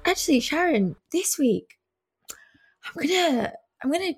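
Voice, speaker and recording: A woman's voice: high-pitched, big pitch swings, measured pace. A woman co-hosting a casual chat, giggly and self-mocking. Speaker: podcast co-host.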